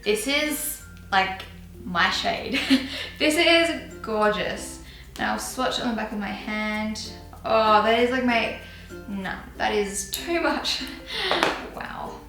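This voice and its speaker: A woman's voice: medium pitch, lively intonation, takes it slowly, bright, forceful tone, reverberant, soft background music, poor audio. A young woman chatting casually and giggling as she shows and tries out makeup on her channel. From Australia. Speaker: beauty vlogger. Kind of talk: casual chat.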